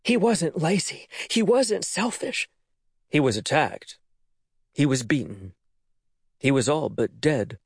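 A desperate mother pleads in low urgent tones, as a male audiobook narrator voices her. Her voice is breathy and lifted in pitch, with a lively, rising and falling line. The sound is dry and close. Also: takes it slowly, long pauses, no echo, heavily acted. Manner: urgent, pleading, often whispered. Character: desperate, loving, frightened mother. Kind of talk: audiobook character voice.

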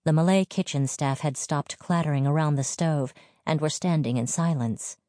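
Woman narrator, low mellow voice, measured, dry close recording. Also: no echo. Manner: even, measured storytelling. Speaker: audiobook narrator. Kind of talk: scripted narration.

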